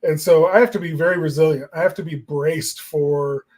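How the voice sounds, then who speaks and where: A man's voice: a little high, steady tone, normal speed, darkish tone. A man co-hosting a marketing talk show, musing in casual chat with lots of fillers. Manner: reflective and rambling, many fillers.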